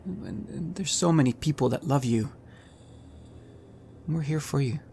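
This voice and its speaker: A man playing a tabletop game in character, speaking in a reassuring, steady way. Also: a little high, unhurried, vocal fry, a little hiss or hum. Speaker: player.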